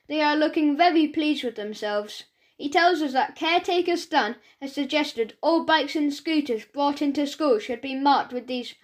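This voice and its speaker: A woman narrating a children's audiobook in a chatty first-person voice, telling the story as a schoolboy. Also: high-pitched.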